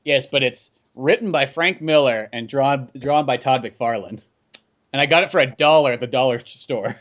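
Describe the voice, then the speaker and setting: A man's voice: medium pitch, moderate pace, fairly bright tone, muffled recording. A man co-hosting a casual podcast, chatting in an offhand, joking way. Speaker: podcast co-host. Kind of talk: casual chat.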